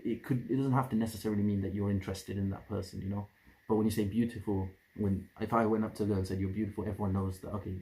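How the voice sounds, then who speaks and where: A young man talks through dating advice in a loose, rambling monologue. His voice sits fairly low and sounds mellow and soft-edged. He circles back and restarts his sentences as he goes. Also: vocal fry, rough recording. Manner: rambling, repeats and restarts phrases.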